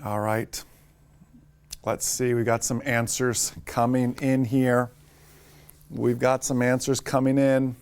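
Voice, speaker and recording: A man teaching a live online lesson for drone pilots, talking fast and upbeat, greeting viewers by name. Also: mid-range voice, flat delivery, a little mellow, smooth.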